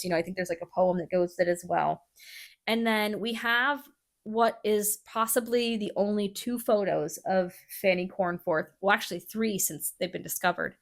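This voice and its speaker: This is a woman hosting a podcast, walking a friend through a history story in casual chat. She swears freely and leans on fillers. Her pitch sits in the middle.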